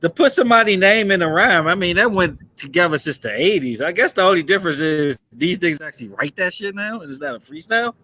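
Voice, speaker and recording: A man's voice: high voice, expressive, fast talker, hardly any pauses, pushed and bright. A man co-hosting a podcast in blunt, opinionated casual chat. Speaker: podcast co-host.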